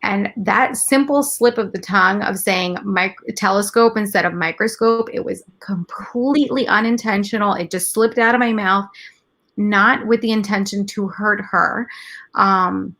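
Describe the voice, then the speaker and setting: A woman's voice: medium pitch, a little slow, a bit bright. A woman in her thirties, a mother speaking as a guest in a casual couch conversation, telling stories candidly and animatedly.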